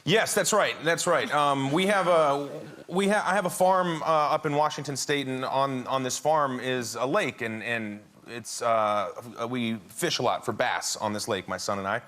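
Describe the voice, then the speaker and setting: A man on a talk show, telling a comic anecdote with lively laughter and acting out the voices in it. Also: medium pitch, normal speed, few pauses. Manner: animated storyteller, laughs through lines, acts out his son's and his own words. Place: TV studio with a live audience.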